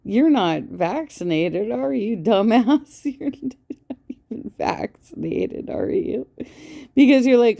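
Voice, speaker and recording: A woman's voice: a little high, animated, slow, vocal fry, mellow. A woman giving profane, mocking commentary, sarcastic and scornful, swearing constantly. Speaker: reaction commentator.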